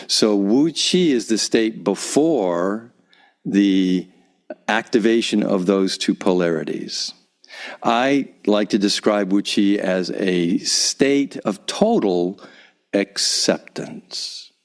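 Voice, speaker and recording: A man teaching calm self-acceptance, guiding breathing in a slow, soothing way with soft repeated cues, recorded in a home vocal booth. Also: lowish voice. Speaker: guest teacher. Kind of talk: calm guided breathing instruction.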